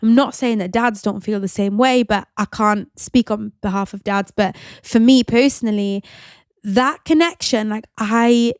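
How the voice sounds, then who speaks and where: A woman's voice: mid-range voice, a little slow, clear, resonant tone, no echo, studio quality. A woman hosting a podcast, telling a personal story in a chatty, open way, full of casual fillers. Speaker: podcast host.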